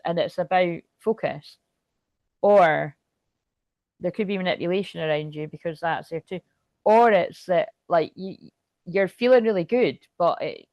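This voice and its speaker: A woman giving a casual tarot reading to camera, chatty and excitable, thinking aloud and swearing freely. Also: fairly low pitch, dry recording, muffled recording. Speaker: tarot reader.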